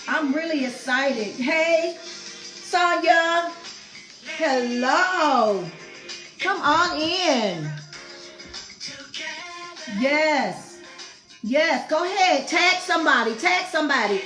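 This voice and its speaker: High-voiced woman greeting viewers. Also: expressive, drawn-out words, pauses often, reverberant, soft background music. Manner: warm, effusive, repetitive greetings to viewers. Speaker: host of a women's fellowship livestream. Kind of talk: casual live-stream welcome.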